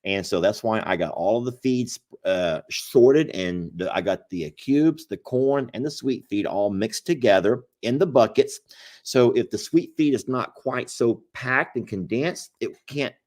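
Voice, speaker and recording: A man's voice: medium pitch, expressive, unhurried, darkish tone. A man hosting a casual livestream, folksy and playful, rambling with restarts. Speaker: animal sanctuary owner, livestream host.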